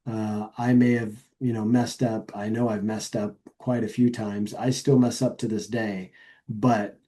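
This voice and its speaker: A middle-aged man speaking as a podcast guest in casual chat, earnest and reflective, halting with many fillers and restarts. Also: on the low side, flat delivery, dark tone.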